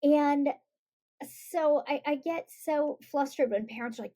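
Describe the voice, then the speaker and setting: A middle-aged woman, a guest on a podcast, telling stories in a lively way and acting out the voices she quotes. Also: high-pitched, measured pace. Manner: animated storytelling, acts out quoted voices. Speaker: guest, author and parent. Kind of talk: conversational podcast interview.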